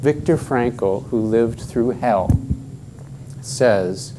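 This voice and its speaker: A man's voice: medium pitch, measured pace, background noise. A middle-aged man giving a workshop talk at a conference, emphatic and joking with the audience. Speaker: conference speaker.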